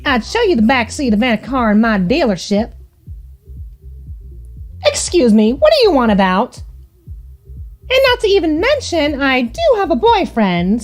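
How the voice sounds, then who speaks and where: A woman streamer plays through a visual novel in a prim, teasing, theatrical manner. Her voice sits high and swoops widely as she speaks slowly. Soft music plays faintly in the background. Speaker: VTuber game streamer. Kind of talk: visual novel playthrough commentary.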